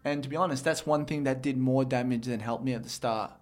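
A man's voice: mid-range voice, fairly even intonation, fast. Candid young man rambling in chat. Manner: candid, rambling, repeats words. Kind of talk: casual chat.

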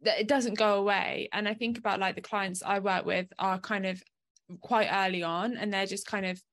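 Gravelly-voiced woman podcast host. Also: mid-range voice, fairly even intonation, moderate pace, fairly bright tone. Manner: affirming, reflective. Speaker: podcast host, business coach. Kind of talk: casual podcast chat.

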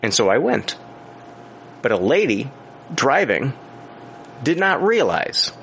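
A man's voice: medium pitch, a little hiss or hum. A man co-hosting a podcast, telling stories in casual chat with lots of swearing and filler words. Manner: animated storytelling, heavy swearing and filler words. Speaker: podcast co-host.

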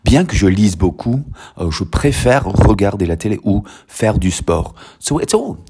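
A man's voice: on the low side, very animated, normal speed, background noise. A man who teaches French, explaining his methods in a chatty, enthusiastic way and reading French example sentences aloud. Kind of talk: casual explanation to camera.

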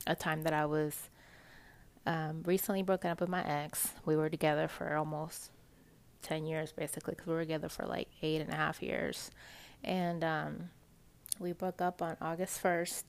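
Gravelly, casual woman telling a story. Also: sits low. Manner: emotional, heavy use of "like", laughs through her story.

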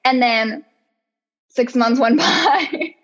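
A woman guest on a casual podcast interview, telling her business story in an animated way and acting out her own past thoughts. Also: high voice, drawn-out words, lo-fi sound.

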